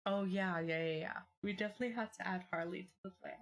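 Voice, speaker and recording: A woman's voice: lowish voice, quick pace, slight background noise. Rambly young woman streamer chatting. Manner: rambling, filler-heavy, excitable bursts. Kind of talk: casual chat with viewers.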